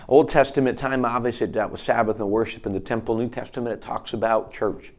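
A man's voice: medium pitch, a little fast, darkish tone. A man preaching a sermon to his congregation, earnest and emphatic, restarting phrases as he goes. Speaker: pastor.

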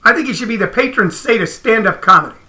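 A man hosting a casual livestream, ranting in an animated, emphatic, profane way. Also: sits high, fast. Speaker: comedian host.

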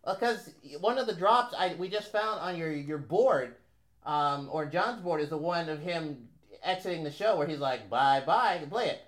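A man's voice: a little high, expressive, normal speed. A man co-hosting a casual sports podcast, chiming in with dry, brief quips. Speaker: co-host and producer. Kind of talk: casual banter.

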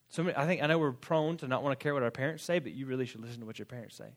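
A man preaching a sermon in a casual, animated way, with quick asides and acted-out quotes. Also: medium pitch. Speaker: pastor.

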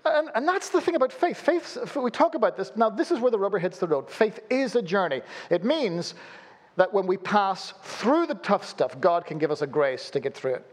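Animated, high-voiced preacher. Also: male voice, normal speed. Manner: animated, humorous storytelling with sudden drops to a low, quiet voice. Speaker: pastor. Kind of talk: sermon.

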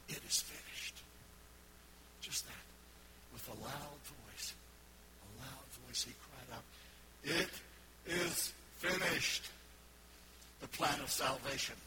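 A man pastor preaching a sermon, building to fervent shouts as he quotes scripture. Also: a little high. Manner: preaching with rising fervor, shouting quoted words. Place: church sanctuary. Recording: loud background noise.

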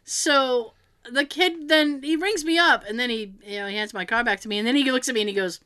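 In a slightly high, smooth voice and at a brisk pace, a woman shares a funny story casually. She gets animated, acting out the words of others and laughing frequently.

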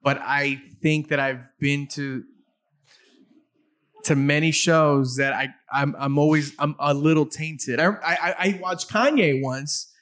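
A middle-aged man hosting a casual interview, talking in a halting way and often repeating his words. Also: a little high, a bit bright. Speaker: interview host.

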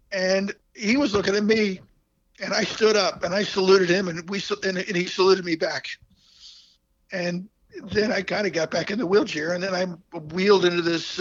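Man, interview guest, gravelly, higher-pitched, halting, sincere storyteller; muffled lo-fi audio. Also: a bit bright. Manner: halting, heartfelt, many fillers and restarts. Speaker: guest telling his story.

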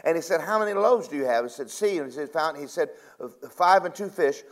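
This man's sermon retells scripture in an informal paraphrase. His voice is a little high and expressive, moving between loud, emphatic bursts and soft, lingering asides.

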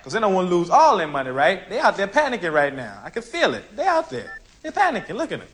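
Billy Ray Valentine, a cocky hustler. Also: male voice, high voice, wildly swooping pitch, fairly bright tone, a little hiss or hum, exaggerated voice. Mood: animated. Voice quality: fast, cocky, streetwise slang. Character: brash young street-smart con man turned trader. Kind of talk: film dialogue.

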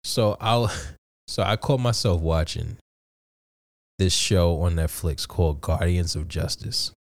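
A man with a fairly low voice tells a story in a loose, excitable way. He swears freely and keeps restarting his sentences. The sound is dry and close. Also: unhurried, gravelly, no room sound. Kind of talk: casual chat.

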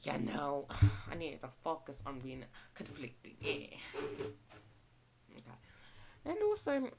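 A young Australian woman rambles on about her retail job in a relaxed, chatty way, now and then slipping into the voices of customers and coworkers. Her voice sits low and has a gravelly fry. Steady hiss runs under the home recording. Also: takes it slowly. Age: young adult. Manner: rambling, chatty, acts out shop exchanges. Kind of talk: casual rant vlog.

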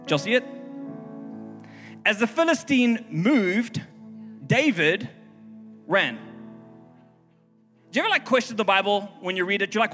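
Bright-voiced, animated man preaching. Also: high-pitched, moderate pace, long pauses. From South Africa. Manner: animated storytelling, acting out voices, bursts into shouts. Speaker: pastor. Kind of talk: sermon. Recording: hall reverb with music behind.

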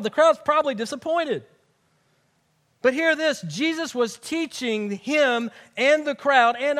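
A man preaching a sermon, animated and conversational, with casual slang, to a room of believers. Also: very high voice. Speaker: pastor. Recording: echoey hall.

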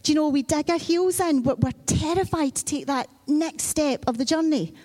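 A woman's voice: high-pitched, normal speed, dark tone. A woman preacher giving a sermon in a conversational, storytelling way. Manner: conversational storytelling, acting out children and Bible figures.

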